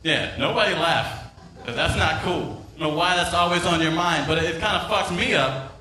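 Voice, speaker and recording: A man's voice: a little high, moderate pace, bright, forceful tone, slight background noise. Profane stand-up man, echoey club. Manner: profane, rambling, crowd-teasing. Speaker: stand-up comedian. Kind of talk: open-mic stand-up set. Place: comedy club stage with live audience. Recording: echoey room, voice a bit far from mic.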